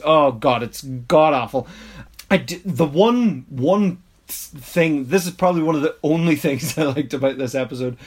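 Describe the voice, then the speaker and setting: A man, rambling through a casual episode recap with mock-exasperated asides and frequent laughs. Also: a little high. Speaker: podcast host reviewing an episode.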